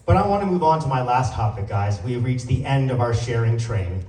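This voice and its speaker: A man doing a stand-up comedy set on stage, playful and animated as he works the crowd. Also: medium pitch, brisk, slight background noise. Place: comedy stage before a live audience. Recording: roomy sound from a distant mic.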